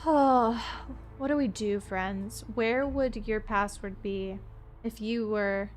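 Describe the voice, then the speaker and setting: A Florida woman streams a point-and-click detective game, chatting playfully with her viewers as she goes. Her mid-range voice moves slowly, with faint music in the background, and her let's play commentary stays chatty and aimed at chat.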